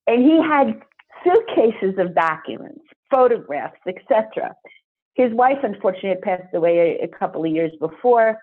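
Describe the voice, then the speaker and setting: A woman who is a podcast guest, telling a story in an animated, emphatic way. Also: medium pitch, normal speed, husky. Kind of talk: storytelling interview. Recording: phone-like narrow sound.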